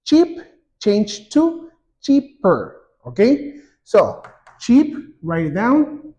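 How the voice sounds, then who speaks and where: A man teaching an English grammar lesson, saying example words twice, slowly and clearly. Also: sits high, huge pitch swings, dark tone, highs cut off. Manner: slow and repetitive, drawing out example words.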